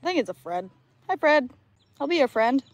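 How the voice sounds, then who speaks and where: A woman guest on an outdoor live stream by a lake, chatting in a relaxed way and laughing easily. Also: high voice, brisk, soft background music. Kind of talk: casual live-stream chat.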